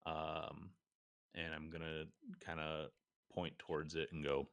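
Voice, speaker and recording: A man with a very low voice talks through his character's moves at a tabletop game. He speaks casually and haltingly, pausing and restarting as he plans. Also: flat delivery, fairly bright tone. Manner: casual, halting, describes actions. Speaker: player. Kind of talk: tabletop role-play chat.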